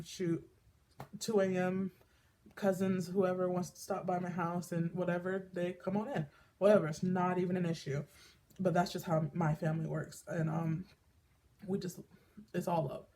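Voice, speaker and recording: A woman with a fairly low, darkish voice speaks candidly in a personal vlog, with a little hiss or hum in the background. She rambles, full of fillers and restarts, and gets emotional enough to tear up at times.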